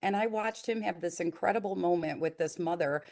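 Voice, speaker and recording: A woman in her forties telling a story in a casual, animated way, with many fillers. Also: lowish voice, fairly quick, creaky. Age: 40s. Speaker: nonprofit founder.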